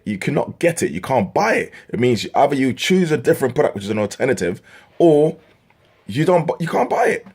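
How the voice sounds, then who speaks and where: A man's voice: medium pitch, sing-song, fairly quick, vocal fry, darkish tone, slightly rough. A young man from England ranting to camera in an exasperated, swearing comic style, his voice jumping up when worked up. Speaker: vlogger.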